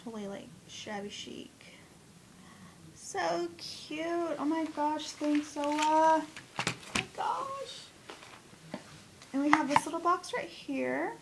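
Crafting vlogger, woman, high voice, unhurried, excitable gusher; noisy home recording. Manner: gushing and excitable, gasps and repeated exclamations. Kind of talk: casual unboxing haul video. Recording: steady background noise.

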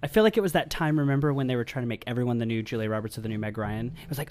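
A man co-hosting a casual movie podcast, talking in a gushing, animated way with quick asides. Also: medium pitch. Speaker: podcast co-host. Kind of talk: casual chat.

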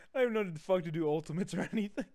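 A young-sounding man with a high, bouncing voice trash-talks through a fighting game with a friend. He leaps from yells to low, smug mutters and laughs constantly. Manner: swings between yelling and low taunting mutters, laughs often. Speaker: gaming channel host. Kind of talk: trash-talking gameplay commentary.

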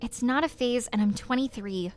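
Woman voicing a fed-up young woman in a visual novel, smooth and kinda high. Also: moderate pace, faint music behind, lightly acted. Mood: defensive. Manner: plain reading, no accent attempted. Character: frustrated young woman of twenty-three.

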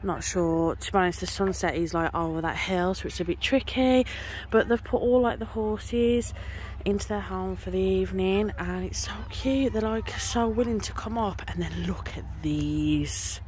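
A woman's voice: mid-range voice, steady tone, normal speed, darkish tone, a little hiss or hum. A young woman vlogging casually outdoors by a field of horses on a handheld camera, chatty and rambling with lots of fillers. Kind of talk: casual travel vlog chat.

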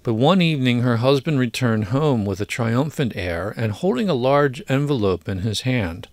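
A man narrating an audiobook of a classic short story in a measured, deliberate way. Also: medium pitch, expressive, darkish tone, dry recording, studio quality. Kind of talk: scripted narration.

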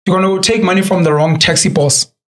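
A man's voice: high voice, fast talker. A young South African man, a podcast guest and entrepreneur, telling stories casually and acting out the people he quotes. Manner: animated storyteller who acts out quoted voices.

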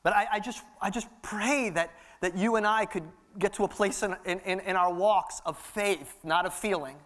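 High-voiced impassioned male preacher. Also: normal speed, a bit bright. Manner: impassioned, repetitive preaching cadence. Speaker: pastor. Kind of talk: sermon. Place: church sanctuary.

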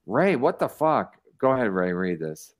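A man's voice: medium pitch, very animated, normal speed. Profane stammering man hosting a podcast. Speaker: podcast host. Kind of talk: casual chat.

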